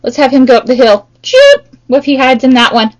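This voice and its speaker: A woman tutoring young children in math, playful and sing-song with bursts of excitement. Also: high-pitched, quick pace, rough recording.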